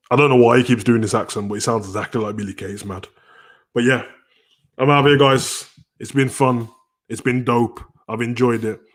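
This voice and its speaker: A man hosting a casual live stream, rambling as he answers chat messages. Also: lowish voice. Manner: relaxed, rambling, answers chat messages aloud, often tags "you know, like that". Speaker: wrestling stream host.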